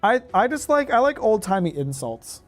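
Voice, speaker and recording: A man's voice: high voice, very animated, moderate pace, faint music behind. A man streaming a game, rambling, joking and swearing as he thinks aloud. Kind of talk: casual live-stream gaming commentary.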